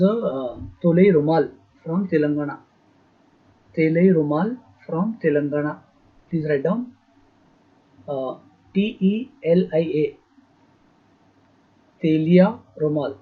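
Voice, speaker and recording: Male teacher, fairly high and husky voice, dictating exam notes slowly, lo-fi recording. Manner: repeats terms slowly for students to write down; frequent "uh" fillers. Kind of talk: dictation-style lecture.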